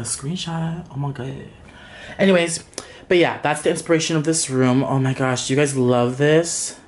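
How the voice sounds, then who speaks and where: A man chatting as a beauty vlogger on a casual room tour, gushing and peppering his talk with "like" and "y'all", at home in a small room. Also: mid-range voice.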